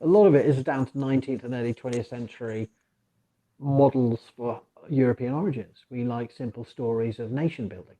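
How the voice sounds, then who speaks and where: A man hosting a casual conversation about the past, talking in rambling, digressive stretches with animated asides. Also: medium pitch, fairly quick, low-quality recording. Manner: mock voices for quoted figures. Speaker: archaeologist podcast host.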